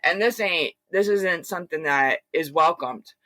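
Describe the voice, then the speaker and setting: Bright-voiced woman telling a rambling story. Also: on the low side, unhurried, no echo. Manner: rambling, animated retelling with many fillers. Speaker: interview guest. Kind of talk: casual storytelling.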